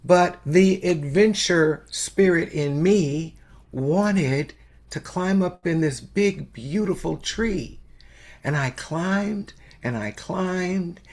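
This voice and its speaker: An older woman telling a story as a sermon, slow and unhurried with long pauses. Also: low-pitched, darkish tone. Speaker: spiritual speaker.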